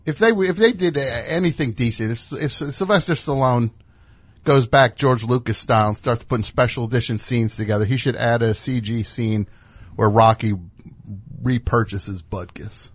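A man's voice: medium pitch, normal speed, husky, dry recording. A man hosting a radio show, rambling and riffing in casual comedic chat in a studio. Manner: rambling, riffing with put-on voices.

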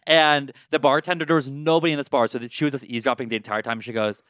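Sassy, bright-voiced man on a podcast. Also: mid-range voice, steady tone, quick pace, no room sound, clean studio sound. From Baltimore, USA. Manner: campy, sassy, dramatic. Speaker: podcast guest, drag performer. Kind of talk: casual podcast banter.

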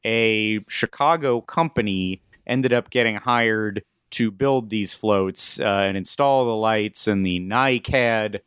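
A man's voice: lowish voice, slow pace, few pauses, a bit bright, clean tone, no echo, clean studio sound. A man hosting a casual podcast chat, telling a story with fillers and asides. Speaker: podcast host.

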